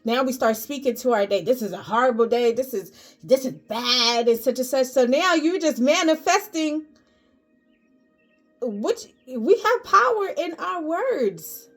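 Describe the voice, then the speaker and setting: Emphatic high-voiced woman vlogger. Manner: emphatic, preachy, repeats phrases. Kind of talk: casual motivational talk to camera.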